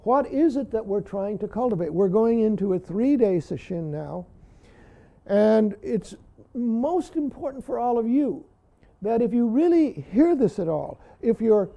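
A man giving a dharma talk to his students, often saying "see" and pausing for emphasis. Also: high-pitched, gravelly, dark tone. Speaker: Zen teacher.

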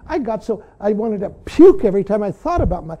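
A man's voice: high-pitched, sing-song, brisk, dark tone. An older man, a Zen teacher, giving an earnest dharma talk that keeps returning to "see". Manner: earnest, frequently says "see".

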